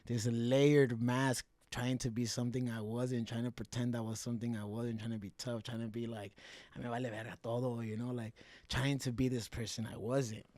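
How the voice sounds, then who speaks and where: A young man talks openly about his past as a podcast guest, in a voice of middling pitch. He swears freely, switches between English and mid-sentence, and keeps his telling lively. The sound is dry and close, with no room around it. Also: brisk, no room sound. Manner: mixes English and Spanish, swears freely, animated. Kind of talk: casual candid storytelling.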